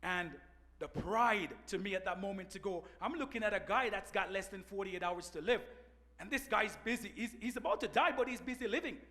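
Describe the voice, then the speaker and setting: A man, an Air Force first sergeant, telling an earnest personal story to an audience on a panel, sometimes dropping to a hushed voice. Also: high-pitched, a little fast. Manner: earnest storyteller, drops to a hushed voice at emotional points. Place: large auditorium.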